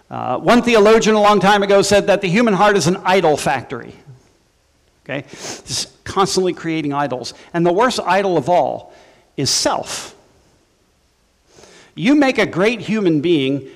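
A man's voice: on the high side, lively intonation, moderate pace, creaky. Guy preaching a sermon, talks casual with little jokes, long echo like a big hall. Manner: conversational preaching with asides and humor. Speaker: pastor.

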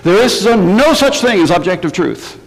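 A man preaching a sermon in an emphatic, animated way, often asking his listeners rhetorical questions. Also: high-pitched, moderate pace, in a large hall, low-quality recording.

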